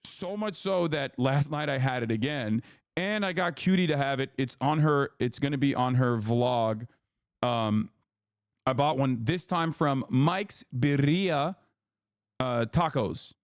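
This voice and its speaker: Streamer, male, casual and profane, animated storyteller, dry close room. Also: mid-range voice, measured pace, dry recording. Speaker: livestream host. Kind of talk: casual chat.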